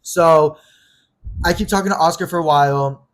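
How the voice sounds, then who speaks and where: A man's voice: fairly high pitch, moderate pace. A man co-hosting a podcast, telling a heated personal story in casual, profanity-laden chat. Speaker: podcast co-host.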